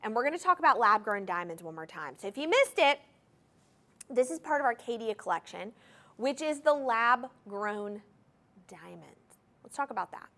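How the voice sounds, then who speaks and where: Bubbly, lively-voiced shopping host woman. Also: on the high side, normal speed. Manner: gushing, enthusiastic, addresses viewers directly; repeats item numbers and key phrases for emphasis. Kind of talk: live TV jewelry sales pitch. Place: TV studio.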